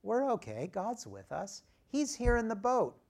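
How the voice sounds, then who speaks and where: Preacher putting on a cheerful, steady disciple soothing frightened friends, raised and bright in tone, slow and unhurried delivery. The voice stays hopeful and sure. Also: male voice, sits high, creaky, voice pushed up, full character voice. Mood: reassuring. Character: calm reassuring male disciple.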